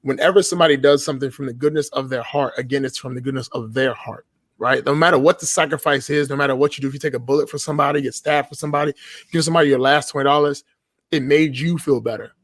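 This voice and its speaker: A man's voice: medium pitch, steady tone, quick pace, no room sound. A man, telling stories in an emphatic, profane way on a casual podcast. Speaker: podcast guest.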